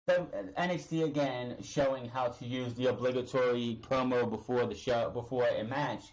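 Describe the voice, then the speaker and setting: A man's voice: mid-range voice, steady tone, moderate pace, muffled recording. A man casually recapping a wrestling show, rambling and retelling the promos in his own words.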